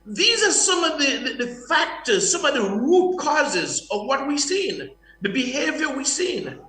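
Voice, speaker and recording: A man's voice: very high-pitched, big pitch swings, a little slow, pushed and bright, echoey room, far from the mic, poor audio. A man giving an impassioned, preachy talk on a morning show, repeating words and restarting phrases. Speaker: guest speaker.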